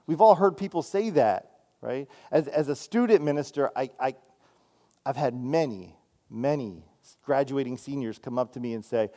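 A man's voice: mid-range voice, moderate pace, dark tone. A man preaching as a student minister, talking in a loose, conversational way and checking in with "right?" as he goes. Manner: conversational, repeats "right?" and restarts often. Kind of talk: sermon.

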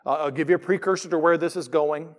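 A man's voice: on the high side, fast talker. A middle-aged man preaching a sermon in church, mixing jokes with scripture readings. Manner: animated, jokey preacher who reads scripture aloud. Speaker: pastor.

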